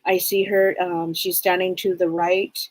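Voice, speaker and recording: A woman co-hosting a live show as a psychic medium, gently relaying messages and often searching for her words. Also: on the low side, flat delivery, a little slow, no room sound, poor audio.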